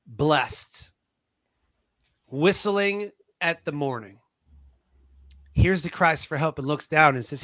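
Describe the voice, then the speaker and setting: A man's voice: a little high, unhurried, pauses often, sharp tone, dry recording. A middle-aged man who served in the military tells his stories in an interview. He leans into every anecdote and acts out the voices of the people in it. The recording is dry and close, with no room sound. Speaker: veteran guest. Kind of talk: personal storytelling in an interview.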